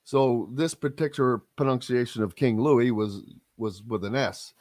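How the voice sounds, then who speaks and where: A man, hosting a casual sports radio talk show with drawn-out, emphatic, opinionated delivery. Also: mid-range voice, darkish tone, no echo. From Southern Indiana.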